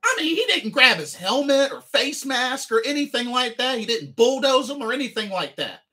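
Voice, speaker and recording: Emphatic man with a bright, lively voice. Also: very high voice, normal speed. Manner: emphatic, repeats phrases over and over. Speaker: livestreamer and sports fan. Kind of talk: livestream game recap.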